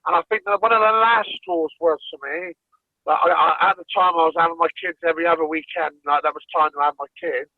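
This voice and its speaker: A man's voice: fairly high pitch, fairly even intonation, fast, dry recording. A man, bluntly telling a story with plenty of swearing and laughs as a podcast guest. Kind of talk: casual storytelling. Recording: dry, phone-like narrow sound.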